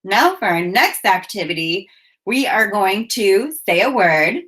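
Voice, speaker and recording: A woman teacher leading a children's phonics lesson, giving slow, clearly enunciated prompts and cheerful praise. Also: mid-range voice, sing-song, a bit bright.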